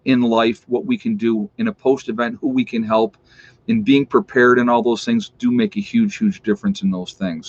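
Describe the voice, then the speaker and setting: A man's voice: fairly low pitch, vocal fry, no echo. A man hosting a casual livestream. He reads out where his viewers are tuning in from, then earnestly urges them to get ready. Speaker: livestream host. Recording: dull lo-fi stream audio.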